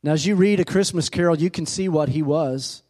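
A pastor preaching a sermon in a church who calls out for amens and asks the congregation questions. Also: male voice, fairly high pitch, a little fast, dark tone. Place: church sanctuary.

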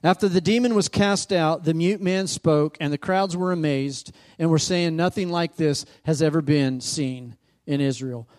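In a darkish, high-leaning male voice, a pastor preaches at normal speed with few pauses. He recounts scripture and challenges the congregation with called-out questions, his emphasis building.

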